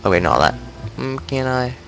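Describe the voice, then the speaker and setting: A man's voice: medium pitch, very animated, normal speed, creaky, fairly bright tone, slight background noise, low-quality recording. A man with a cold, rambling and thinking aloud in casual commentary while he plays a video game, poking fun at himself as he goes. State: congested with a cold. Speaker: game streamer. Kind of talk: casual let's-play commentary.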